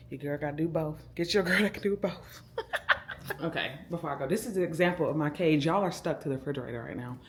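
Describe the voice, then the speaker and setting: A young woman chats to her handheld camera at home, easygoing and talkative. Her voice sits a touch low for a woman. A faint hum of room sound runs under her words. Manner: chatty, laid-back, addresses viewers as y'all. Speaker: vlogger. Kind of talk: casual vlog chat to camera. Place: at home, indoors.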